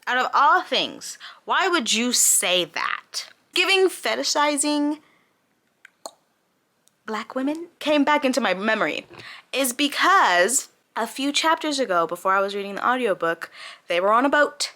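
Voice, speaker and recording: A woman's voice: a little high, very animated, unhurried, sharp tone. A woman in her twenties reviewing a book in casual, frank chat, exasperated and ranting, laughing often between points. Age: 20s.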